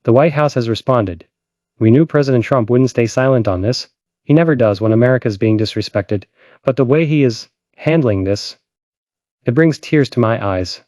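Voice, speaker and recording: Male host, urgent and dramatic political commentary, warm low timbre, dry recording. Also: moderate pace, no echo.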